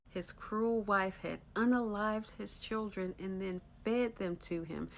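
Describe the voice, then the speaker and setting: A woman telling a spooky folktale in a hushed voice that drops low and soft at the dark moments. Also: slow, gravelly, hardly any pauses, slight background noise, low-quality recording. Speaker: storyteller.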